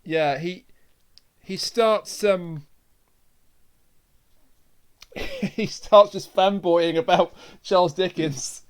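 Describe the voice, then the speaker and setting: A man co-hosting a casual review podcast, wry and quick to laugh as he recaps scenes. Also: high-pitched, clear, resonant tone. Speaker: podcast co-host.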